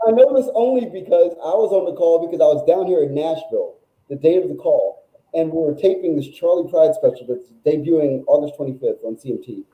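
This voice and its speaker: A male music journalist, a guest on a talk show, telling stories in a casual, animated, rambling way that is full of "like". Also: on the high side, brisk, reverberant, dull audio. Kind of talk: casual storytelling chat.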